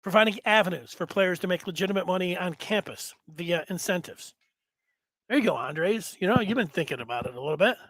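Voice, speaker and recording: A man's voice: high voice, lively intonation, fairly quick, fairly bright tone, dry recording. A man hosting a casual sports talk stream, chatting in a rambling way and reading out viewer comments. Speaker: sports show host.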